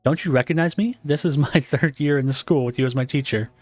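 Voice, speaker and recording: A man voicing an awkward, overlooked young male student, timid and plaintive, in a higher voice than his own. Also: quick pace, no room sound, faint music behind, natural voice.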